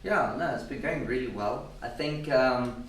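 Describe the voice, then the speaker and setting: A man vocalist being interviewed, explaining things in a measured, reflective way with a joking side. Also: medium pitch. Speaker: band vocalist guest. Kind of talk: casual interview chat. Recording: roomy distant mic, faint noise.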